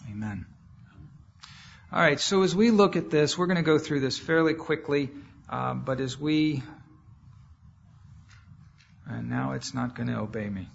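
A man preaching a sermon as a guest speaker, earnest and plain-spoken, pausing now and then to sort out his slides. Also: on the high side, creaky. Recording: dull lo-fi sound with faint background noise.

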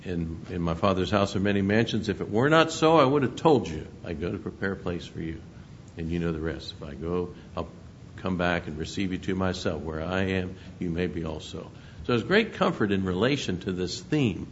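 A man preaching a sermon, reading scripture aloud and stressing words with emphatic rises. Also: moderate pace. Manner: reads scripture aloud with emphatic rises, chuckles between points. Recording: muffled lo-fi recording with faint rumble.

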